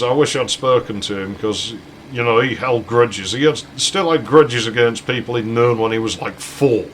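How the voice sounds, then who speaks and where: A man's voice: mid-range voice, slight background noise, low-quality recording. A British man hosting a game playthrough, telling a long rambling anecdote and swearing freely. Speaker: let's play host. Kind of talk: casual anecdote while gaming.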